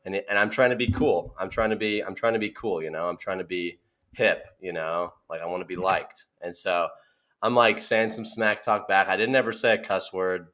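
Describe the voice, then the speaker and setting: A young man with a fairly low speaking voice trades childhood stories on a casual podcast. He laughs often and jumps up into a high voice to act out what he said. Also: moderate pace. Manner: animated storyteller, laughing often, acting out quotes in a high voice. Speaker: podcast co-host. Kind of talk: casual chat.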